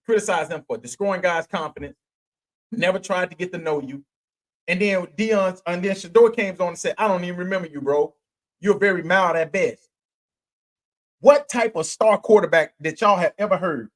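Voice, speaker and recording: A man hosting a podcast, ranting about college football in a blunt, slangy way, firing off rhetorical questions and restarting phrases as he goes. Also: high voice. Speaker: podcast host. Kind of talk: sports commentary rant.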